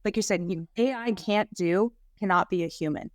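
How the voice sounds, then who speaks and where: A woman practitioner speaking as an interview guest, excited and fired up, with frequent "like" fillers. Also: mid-range voice, moderate pace, no echo, studio quality. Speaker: guest health practitioner and educator. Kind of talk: casual interview talk.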